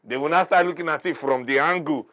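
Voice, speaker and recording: A man's voice: on the high side, quick pace, a bit bright. A man with a Nigerian accent, a guest in a talk-show debate, arguing his side in an emphatic, preachy way. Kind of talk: heated debate argument.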